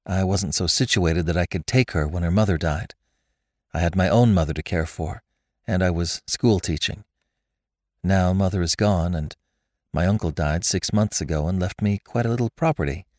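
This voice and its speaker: A man's voice: low voice, normal speed, a little mellow, dry recording, clean studio sound. A man voicing a blunt, upright spinster schoolteacher who speaks plainly and directly. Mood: matter-of-fact.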